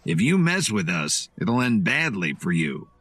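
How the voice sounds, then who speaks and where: A man's voice: fairly low pitch, very animated, unhurried, fairly bright tone, slightly rough, no room sound, heavily acted. Man doing proud old grandfather, sneering, threatening, weak but defiant, dry.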